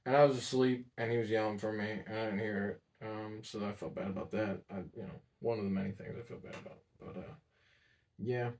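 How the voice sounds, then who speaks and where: Young guy telling a hard personal story, quiet and halting, lots of ums, mic sits kinda far away. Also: fairly even intonation. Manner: halting, trailing off, many fillers and restarts; subdued and low-key. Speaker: vlogger. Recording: voice sounding distant from the mic.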